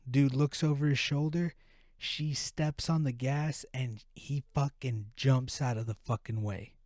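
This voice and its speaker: A man's voice: medium pitch, steady tone, measured pace, a little mellow, dry recording, studio quality. A man hosting a podcast who tells a profane, rambling story in a casual way. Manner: profane, rambling, full of restarts. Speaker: podcast host.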